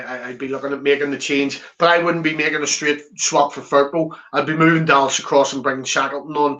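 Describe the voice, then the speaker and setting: Bright, unhurried man hosting a live chat. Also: a little high. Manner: chatty, teasing banter with viewers. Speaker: watchalong host. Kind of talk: live football watchalong chat, reading viewer comments. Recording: slightly dull lo-fi audio.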